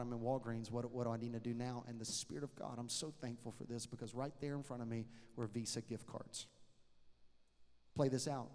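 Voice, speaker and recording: Animated preacher in a reverberant hall. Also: male voice, fairly high pitch. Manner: animated storytelling with sudden drops to a hush. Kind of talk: sermon.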